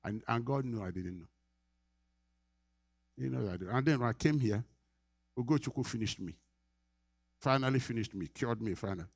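A man's voice: mid-range voice, moderate pace, vocal fry, long pauses, no echo, clean studio sound. A middle-aged Nigerian man preaching a sermon as pastor, earnest, repeating his phrases and laughing often.

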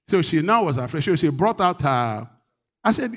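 A middle-aged man preaching a sermon, moving from quiet talk to loud rebuke. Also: fairly high pitch, big pitch swings, normal speed. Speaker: pastor.

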